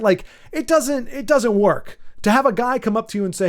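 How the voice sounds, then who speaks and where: A man with a high-pitched voice hosts his own channel and rants off the top of his head. He rambles, restarts his sentences and fills the gaps with ums. He sounds casual and unscripted. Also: big pitch swings, fast talker, few pauses. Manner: rambling, full of restarts and fillers. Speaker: channel host. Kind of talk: off-the-cuff commentary rant.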